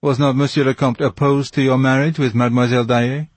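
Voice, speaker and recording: Smug police commissary with a husky voice and brisk, pointed questions, read by a man. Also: medium pitch, level tone, no room sound, voice pushed up, close to an everyday voice. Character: smug self-satisfied male police commissary.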